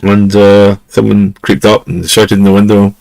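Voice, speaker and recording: A man's voice: on the low side, little pitch movement, normal speed, gravelly, darkish tone, no room sound, rough recording. A Scottish man hosting a podcast, telling stories in a rambling, chuckling way with lots of fillers, at home on a lesser mic. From Scotland. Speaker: podcast host. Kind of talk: casual storytelling. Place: home room.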